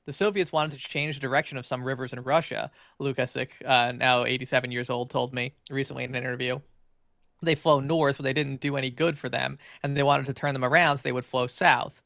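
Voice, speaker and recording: Male podcast co-host reads an article aloud, brisk and gravelly, prone to restarts. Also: mid-range voice, fairly even intonation, a bit bright, no echo, studio quality. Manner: fast, filler-heavy reading with frequent stumbles and restarts.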